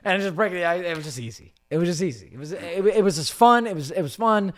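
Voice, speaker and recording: A man's voice: fairly high pitch, lively intonation, fast talker. A young man guesting on a podcast, telling stories in casual chat, swearing a lot and acting out quotes in different voices.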